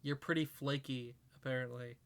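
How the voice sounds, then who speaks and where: A Canadian woman co-hosting a podcast in casual chat, reading quiz questions aloud with a teasing, deadpan manner. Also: a bass voice, moderate pace. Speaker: podcast co-host.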